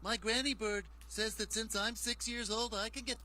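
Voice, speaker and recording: An actor playing a curious six-year-old giant bird who asks eager questions on a children's show. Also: male voice, high-pitched, fairly even intonation, normal speed, pushed and bright, no echo.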